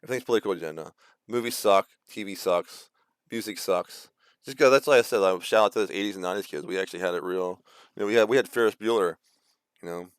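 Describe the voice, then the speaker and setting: Rambling man with a smooth, dry voice. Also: on the low side, fast, no room sound. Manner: rambling, with many fillers and restarts; acts out quoted voices mockingly. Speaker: video host. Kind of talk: casual ranting monologue.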